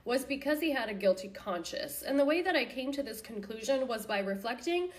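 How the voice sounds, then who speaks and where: A woman's voice: on the high side, expressive, brisk. Earnest woman sharing personal views. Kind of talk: personal commentary.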